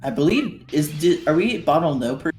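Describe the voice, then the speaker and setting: A man's voice: fairly high pitch, sing-song, a little fast, darkish tone, soft background music. A man commentating a live game tournament casually, laughing easily and asking his co-commentators questions. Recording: roomy echo on his mic.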